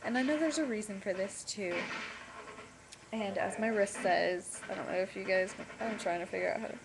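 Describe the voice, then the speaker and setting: A woman's voice: mid-range voice, moderate pace, vocal fry. A young woman, chatting and rambling to her laptop at home, full of ums. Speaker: vlogger. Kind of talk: casual chat to camera. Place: home room with TV on. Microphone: laptop webcam mic. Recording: home laptop recording with TV noise. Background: television playing.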